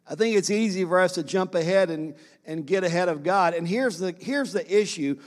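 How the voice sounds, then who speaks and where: High-voiced man preaching a sermon. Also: normal speed, in a large hall. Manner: preaches with repeated phrases and questions to the congregation. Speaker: pastor.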